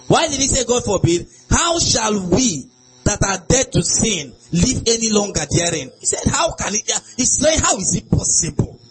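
Emphatic preacher with a lively voice. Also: male voice, very high-pitched, a little hiss or hum, low-quality recording. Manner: emphatic, sing-song preaching with sudden shouts and laughs. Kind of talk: sermon.

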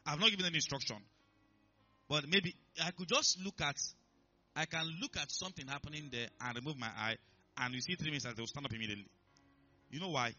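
A man's voice: fairly high pitch, pushed and bright, highs cut off. A man preaching a sermon in church, emphatic and repetitive, often asking if listeners are following. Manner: emphatic, repeats himself, checks in with listeners. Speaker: pastor.

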